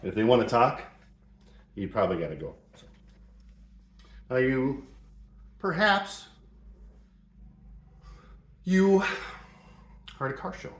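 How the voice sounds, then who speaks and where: A man's voice: mid-range voice, sing-song, slow pace, long pauses. A middle-aged man hosting a joking advice talk, playful and mock-serious, in a home shop. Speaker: host. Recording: roomy echo.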